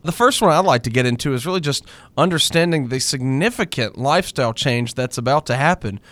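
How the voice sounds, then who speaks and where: A man's voice: mid-range voice, a little fast, no room sound. A man hosting a podcast, reading the intro and then chatting with dry sarcasm. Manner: lively, wry sarcasm. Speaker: podcast host. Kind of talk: scripted intro then casual chat.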